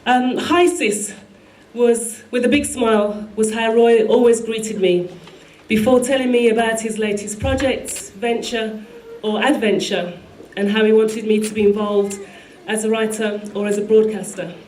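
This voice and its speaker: A woman's voice: on the high side, fairly even intonation, moderate pace, darkish tone, a little hiss or hum. Woman reading a tribute in a hall. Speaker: tribute speaker. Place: large hall at a live event. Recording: echoey hall with faint music.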